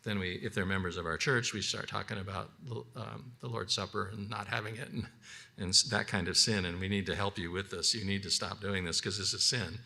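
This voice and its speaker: This man's voice is low, gravelly, bright and forceful, with fairly even intonation. He's giving an unscripted biblical counseling lesson in a chatty way, dramatizing counseling dialogues while frequently restarting and repeating himself.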